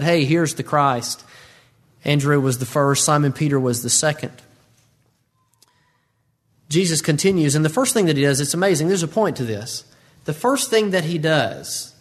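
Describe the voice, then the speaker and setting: Animated male preacher. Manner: animated, acts out Bible voices with big pitch jumps. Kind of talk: sermon.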